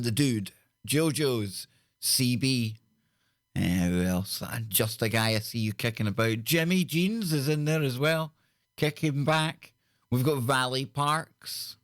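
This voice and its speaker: A jokey Scottish man hosting a call-in radio show, his voice dry and close with hardly any room around it. He sits at a middle pitch and keeps a playful, bantering tone as he greets listeners one by one. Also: no room sound. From Scotland. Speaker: radio talk show host.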